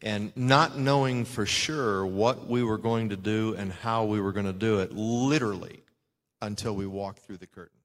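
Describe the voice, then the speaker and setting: A man with a fairly low voice speaks slowly and thoughtfully, pausing on ums. The clip has a long, lingering reverb, as in an old archived interview. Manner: measured, hesitant with ums. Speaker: interview guest, wrestler. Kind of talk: reflective recollection.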